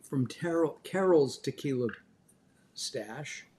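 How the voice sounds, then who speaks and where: A man hosting a live cooking show, chatting loosely with many filler pauses. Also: mid-range voice, lively intonation, mellow, a little hiss or hum.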